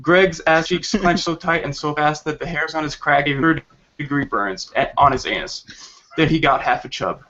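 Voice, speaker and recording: A man's voice: fairly high pitch, normal speed, bright, forceful tone, muffled recording. Man reading a crude comic story, laughing. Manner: laughs while reading crude lines, stumbles over words. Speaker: podcast host reading a story.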